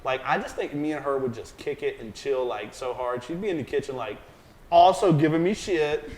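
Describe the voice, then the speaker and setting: A man with a Southern American accent, a private chef chatting in an interview, animated and rambling, joking and swearing casually. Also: a little high, normal speed, rough recording.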